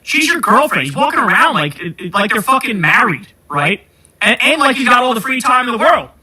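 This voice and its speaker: A man's voice: extremely high pitch, very animated, a little fast, sharp tone, breathy edge, rough recording. A man hosting a podcast, ranting about politics in a heated, sarcastic and profane way. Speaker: podcast host.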